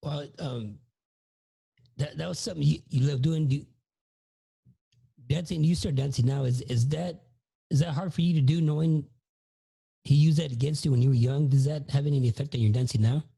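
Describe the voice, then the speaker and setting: Male podcast host, gentle hesitant questions, dark gravelly husky voice, distant mic. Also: on the high side, normal speed, long pauses. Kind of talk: interview questions.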